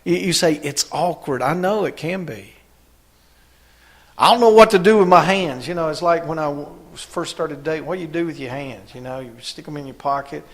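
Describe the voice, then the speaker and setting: A male pastor delivering a sermon in a folksy, conversational way. His voice sits a little high, and he moves between loud calls to his listeners and soft, personal storytelling. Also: moderate pace. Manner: folksy, swings from loud exhortation to quiet storytelling.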